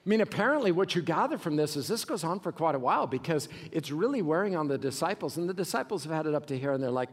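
A man preaching a sermon as pastor, swinging between shouted passages and low, quiet asides. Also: animated, quick pace. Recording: long hall reverb.

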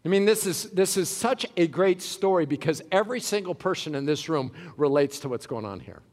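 A man preaching a sermon as a pastor, dramatic, swinging from loud cries to hushed words, in a church sanctuary. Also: a little high, animated, fairly quick. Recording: long hall reverb.

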